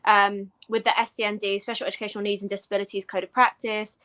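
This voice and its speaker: A woman with an English accent, a guest in a casual podcast interview, explaining things in a measured way with frequent ums and you-knows. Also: medium pitch, little pitch movement, sharp tone. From England. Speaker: guest, education professor.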